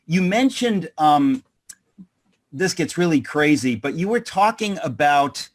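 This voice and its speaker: A man hosting a conversational interview, speaking in a thoughtful, halting way with frequent restarts. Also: a little high, expressive. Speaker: host.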